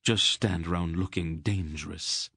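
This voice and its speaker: A man voicing a commanding, motherly noblewoman who gives out orders in a brisk, dry, teasing way. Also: sits low, fairly even intonation, vocal fry, pushed and bright, breathy edge, no room sound, heavily acted.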